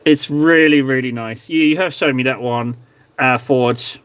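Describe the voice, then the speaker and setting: A man's voice: medium pitch, unhurried, fairly bright tone, clean tone, no echo. A man chatting casually on a live stream, reviewing viewers' painted miniatures in a rambling, self-mocking, playful way.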